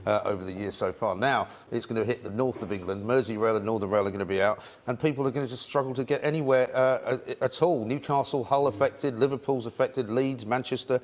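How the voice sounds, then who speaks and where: Man, rapid talker, opinionated, TV studio newspaper review, mid-pitched voice. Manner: rapid, opinionated, full of "I mean". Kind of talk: breakfast TV chat.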